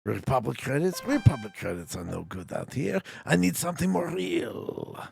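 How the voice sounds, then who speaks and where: A man voicing a greedy male alien junk dealer in a mock foreign accent, low and muttering. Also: sing-song, normal speed, vocal fry, darkish tone, faint music behind, exaggerated voice. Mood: grumbling.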